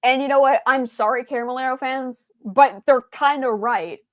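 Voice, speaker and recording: Rambling woman streamer, slightly high voice. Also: moderate pace, no echo, lo-fi sound. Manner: rambling, with many fillers and restarts; stumbles over words. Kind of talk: casual stream chat.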